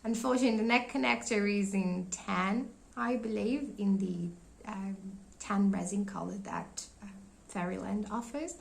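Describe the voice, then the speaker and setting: A woman's voice: mid-range voice, measured pace, gravelly, rough recording. A young woman losing her voice, chatting casually and rambling as she shows her collection in a vlog, often searching for names and laughing. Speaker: doll collector vlogger. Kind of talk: casual show-and-tell vlog.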